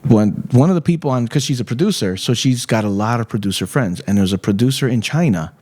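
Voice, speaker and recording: A man in his late forties chatting casually as a guest, telling an animated story, laughing often and acting out the voices of people he quotes. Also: mid-range voice, fast. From Chicago. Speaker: guest artist.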